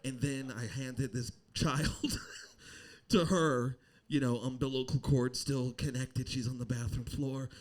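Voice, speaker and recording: A man's voice: mid-range voice, takes it slowly. A young adult man performing a standup comedy set on a club stage, telling a story and acting out the people in it. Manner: animated storytelling, acting out voices.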